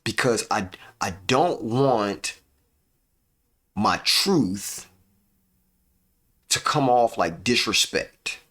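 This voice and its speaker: Man with a lowish voice, live-stream host in a preachy motivational mode, paces his points with deliberate pauses and keeps checking in with "right?". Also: animated, sharp tone. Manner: preachy, repeats "right?" as a tag; uses deliberate dramatic pauses.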